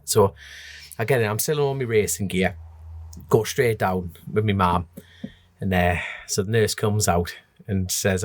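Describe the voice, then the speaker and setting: This North East English motorbike road racer speaks in a fairly low voice, a bit slowly and with frequent pauses. Chatting casually on a podcast, he spins lively stories and imitates the people in them.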